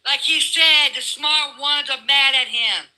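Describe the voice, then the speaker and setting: A woman from California arguing politics in a heated, profane rant, fast bursts of words. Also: high voice, bright, forceful tone, rough recording.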